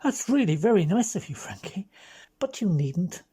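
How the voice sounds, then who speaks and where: A woman's voice: fairly low pitch, big pitch swings, normal speed, mellow, husky, heavily acted. A woman with an English accent voicing a sulky young man who grumbles plaintively at his friend.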